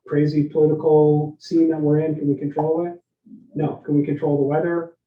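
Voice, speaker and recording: A man giving a leadership workshop, energetic and interactive, often asking his listeners questions and tagging lines with "right?". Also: on the high side, moderate pace. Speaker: leadership speaker. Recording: roomy, dull lo-fi sound.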